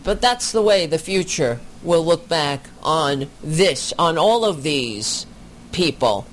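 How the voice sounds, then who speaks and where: Slow, indignant reaction commentator. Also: medium pitch, lively intonation, slight background noise. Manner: indignant, deliberate, swears.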